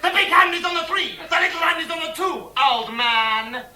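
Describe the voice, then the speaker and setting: An actor playing a weary old man in a live absurdist sketch, declaiming and shouting his lines slowly. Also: very high voice, expressive, a faint crowd, heavily acted. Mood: declamatory. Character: weary absurdist old men waiting for time. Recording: echoey live club tape.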